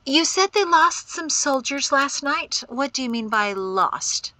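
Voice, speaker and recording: A woman's voice: high-pitched, lively intonation, a little slow, bright, forceful tone, no echo, voice pushed up, exaggerated voice. A woman reading an audiobook, voicing a spirited, mischievous mother who speaks blithely. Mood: playful. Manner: blithe and playful.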